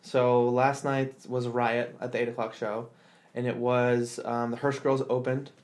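A man's voice: mid-range voice, little pitch movement, unhurried, a little mellow. A man hosting a podcast, telling a story in casual chat, acting out quotes in exaggerated voices with lots of fillers. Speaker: podcast host.

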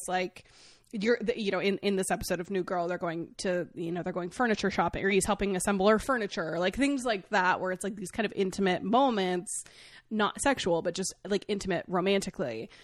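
A woman co-hosting a podcast in casual chat, candid and quick to laugh, swearing freely. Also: mid-range voice, no room sound, studio quality. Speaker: podcast co-host. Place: podcast recording setup.

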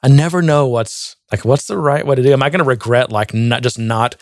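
A man's voice: mid-range voice, a little fast, dry recording. Chatty podcast co-host man, dry mic. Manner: chatty, jokey, restarts sentences. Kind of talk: casual podcast chat.

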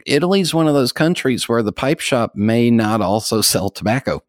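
An American man hosting a podcast, chatting in a relaxed, rambling way with fillers and soft laughs. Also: medium pitch, moderate pace, no room sound, clean studio sound. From United States. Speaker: podcast host. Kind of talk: casual chat.

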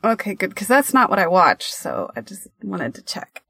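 A woman co-hosting a podcast with playful, scatterbrained joking at a middle pitch. She sits close to the mic in a dry, dead room. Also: very animated, moderate pace, creaky, sharp tone, slightly rough, dry recording. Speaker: podcast co-host. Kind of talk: casual podcast banter.

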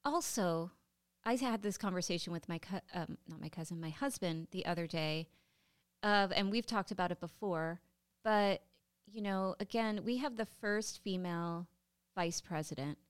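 Woman cohost, smooth clear voice, kinda high, dry close sound, chatty and emphatic. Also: dry recording. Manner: emphatic and quick to laugh. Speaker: podcast co-host. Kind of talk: casual chat.

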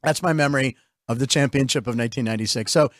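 A middle-aged man from Pittsburgh hosting a casual comedic radio chat, rambling with jokes and quick asides. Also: medium pitch, no room sound, clean studio sound. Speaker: host.

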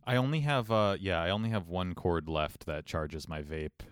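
A man from Ohio co-hosting a podcast, chatting casually with mock-grumpy deadpan complaints. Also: low-pitched, normal speed, clear, resonant tone, no room sound, studio quality. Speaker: podcast co-host. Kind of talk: casual chat.

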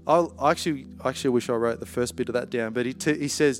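A man preaching a conversational sermon, animated and playful, with lively asides. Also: medium pitch, a little fast, faint music behind.

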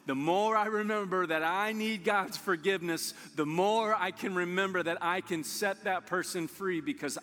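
A man preaching a sermon as pastor, earnest, moving between quick storytelling and soft, hushed emphasis. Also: fairly high pitch, long reverb tail. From Illinois, USA.

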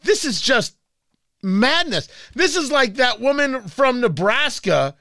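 A man's voice: extremely high pitch, big pitch swings, slow pace, bright, forceful tone, no echo. A man hosting a talk radio show, delivering a combative, sarcastic political monologue.

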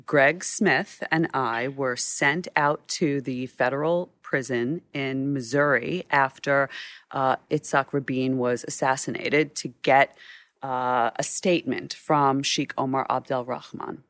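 A woman's voice: very deep voice, steady tone, slow pace, a bit bright, no room sound. A middle-aged woman, a photojournalist guest, telling vivid stories from her career in an interview. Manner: vivid anecdotal storytelling. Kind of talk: storytelling interview.

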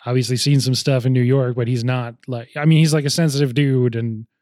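A man's voice: medium pitch, fairly even intonation, brisk, darkish tone, no room sound, studio quality. A young man in casual film talk with friends, rambling and often laughing as he goes.

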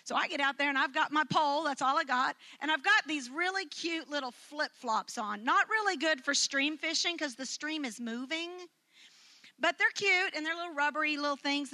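A woman with a bright, high voice tells a story to a live audience, full of animation. She acts out quotes with big leaps in pitch and laughs her way through her own tale.

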